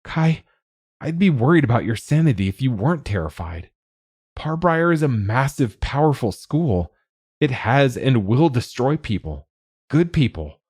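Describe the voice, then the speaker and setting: A man's voice: medium pitch, very animated, measured pace, darkish tone, husky, no echo, studio quality, pitched above the performer's own voice. A man voicing a loving father in an audiobook, earnest and reassuring as he comforts his daughter.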